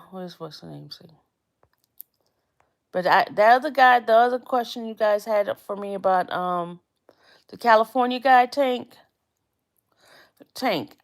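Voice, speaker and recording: A woman hosting a casual live stream, chatting in a rambling way and often repeating phrases. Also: mid-range voice.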